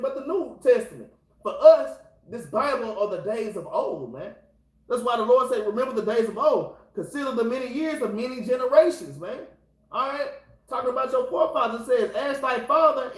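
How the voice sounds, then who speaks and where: A man's voice: extremely high pitch, roomy sound, poor audio. A man leading an informal scripture class, talking casually and exhorting his listeners, constantly repeating the same filler address. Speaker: Bible class teacher.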